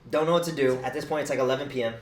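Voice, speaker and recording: Animated swearing young man telling a story. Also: medium pitch, rapid-fire. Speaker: streamer. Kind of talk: casual storytime chat. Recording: roomy echo, faint noise.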